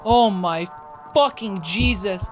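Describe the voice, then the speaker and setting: A woman's voice: mid-range voice, slow, over music. A young woman streaming a horror game, panicking, swearing and laughing as she plays.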